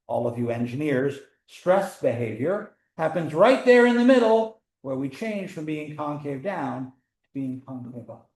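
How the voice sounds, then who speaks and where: Lively man lecturing a math class. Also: fairly high pitch, normal speed. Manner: lively, conversational teaching with asides.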